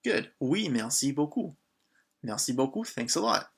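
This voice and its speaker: A man's voice: medium pitch, big pitch swings, moderate pace, vocal fry, slightly rough. A man from Canada teaching a beginner lesson in a casual way, asking learners questions and often saying um. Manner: patient, prompts learners with questions, frequent ums. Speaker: French teacher.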